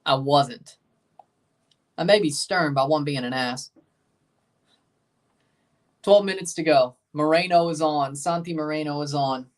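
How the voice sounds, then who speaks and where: During a relaxed soccer watchalong stream, a man with a Southern US drawl talks with his viewers, responds to their messages and calls out the match minutes. His voice is slightly high and unhurried, broken by frequent pauses, and he sits far from the mic.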